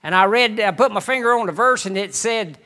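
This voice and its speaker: A middle-aged man, a missionary preacher, giving a folksy personal testimony to a congregation with halting restarts. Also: sits high, sharp tone.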